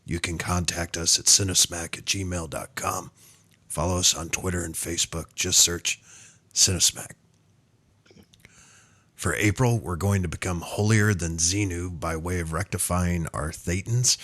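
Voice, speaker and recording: A man's voice: deep voice, fairly even intonation, a little slow, fairly bright tone. A man hosting a movie podcast, chatting casually and laughing often as he moves the show along. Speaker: podcast host. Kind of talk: casual chat.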